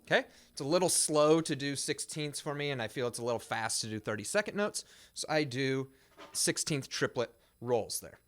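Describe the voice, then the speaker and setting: A man's voice: mid-range voice, expressive, moderate pace, a bit bright, a little hiss or hum. A male percussion teacher with a Midwestern American accent, explaining audition excerpts and counting and scatting rhythms aloud. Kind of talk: instructional demonstration.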